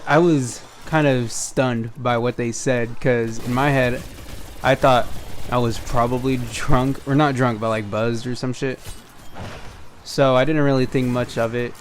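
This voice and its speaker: A man's voice: mid-range voice, slight background noise. A young man hosting a storytime video, casually recounting a tale over gameplay, acting out the dialogue and swearing freely. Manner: animated retelling, acts out dialogue, frequent swearing. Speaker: storytime gaming channel host.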